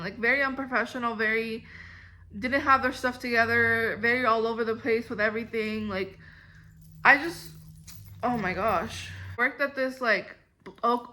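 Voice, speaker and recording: A young woman tells a long, meandering story about bad jobs, filling every pause with "like" and "um". Her voice sits high and bright. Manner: rambling, filler-heavy storytelling. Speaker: vlogger. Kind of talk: storytime vlog.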